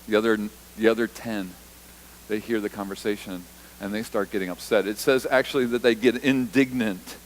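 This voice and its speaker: A man's voice: fairly low pitch, steady tone, normal speed, a little hiss or hum, low-quality recording. A man preaching a sermon in a church, talking conversationally, repeating points for emphasis, and acting out quoted lines. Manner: acts out the disciples' and Jesus's lines in short quoted voices. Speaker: pastor.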